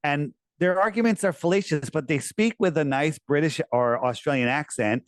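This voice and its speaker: A man's voice: on the high side, moderate pace, no echo. Insistent man talking, dry sound. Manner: animated, insistent, uses mocking put-on quotes. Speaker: guest. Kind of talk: casual conversation.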